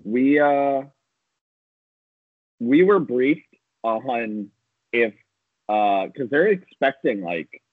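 Animated man on a tinny phone line. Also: medium pitch, very slow, pauses often, dry recording. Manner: animated, laughs easily. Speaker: Starbucks worker. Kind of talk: casual chat.

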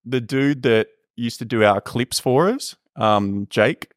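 A man's voice: mid-range voice, slow, no room sound, clean studio sound. A man hosting a podcast, chatting casually and rambling through his stories with plenty of ums. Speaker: podcast host. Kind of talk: casual chat.

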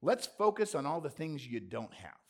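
A man pastor preaching a lively sermon to a live congregation, with punchy rhetorical questions and jokey asides. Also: a little high, normal speed. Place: church before a congregation.

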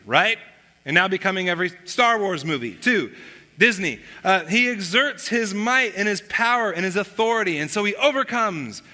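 A man's voice: high-pitched, pushed and bright, big-room sound. A man preaching a sermon as a pastor, teaching in a conversational way and posing rhetorical questions to the congregation.

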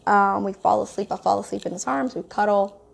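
A young woman telling a personal story in a candid, profane, animated way, acting out what she and others said. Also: mid-range voice, brisk, gravelly. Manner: candid, profane, animated retelling with quoted asides. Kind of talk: casual storytelling monologue.

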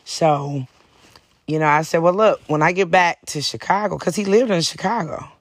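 Host: woman, low raspy voice, blunt, profane casual storyteller, dry close mic. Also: moderate pace, dry recording. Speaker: podcast host.

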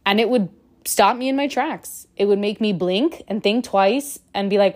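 A woman's voice: mid-range voice, normal speed, darkish tone. A woman giving earnest, emphatic relationship advice straight to her viewers in a casual monologue. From Cuban heritage.

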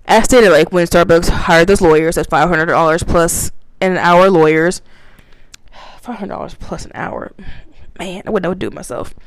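A woman's voice: lowish voice, no room sound. A woman reading points aloud and ranting about them, swearing, laughing and acting out confrontations. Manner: animated, laughing, swearing, acts out mocking confrontations. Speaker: commentator reading and reacting. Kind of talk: profane ranting commentary.

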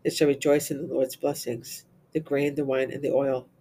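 A man reciting the Divine Office, reading psalms and lessons in English with Latin responses, in a steady, even recitation. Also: medium pitch, moderate pace, slight background noise. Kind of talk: reciting liturgical prayer and psalms.

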